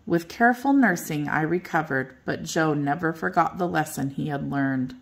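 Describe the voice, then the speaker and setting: An older woman reading a children's bedtime story aloud as the storyteller, gentle and expressive. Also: sits low, moderate pace, gravelly, few pauses.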